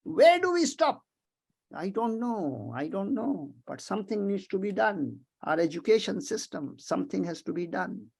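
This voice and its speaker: An older professor from Pakistan speaks over a video call. His voice sits high and carries a gravelly rasp. He is emotional and rhetorical, circling back over the same words as he thinks aloud. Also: lively intonation, normal speed, hardly any pauses, darkish tone. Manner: emotional, rhetorical, repeats himself. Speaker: economics professor, guest speaker. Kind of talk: impassioned webinar talk.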